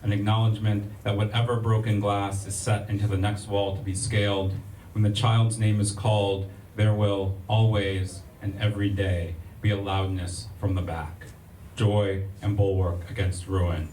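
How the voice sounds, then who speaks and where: An American poet with a low, darkish voice reads poetry at a public library event room, keeping a measured, rhythmic cadence with little pitch movement. He stops now and then for casual asides to the audience. He sounds distant from the mic in the echoey room, with a faint ambient hum behind him.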